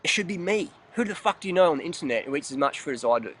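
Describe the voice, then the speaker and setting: A man's voice: medium pitch, animated, very fast, fairly bright tone, slight background noise. A man ranting bluntly in a fitness vlog, profane, emphatic and repetitive. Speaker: fitness vlogger.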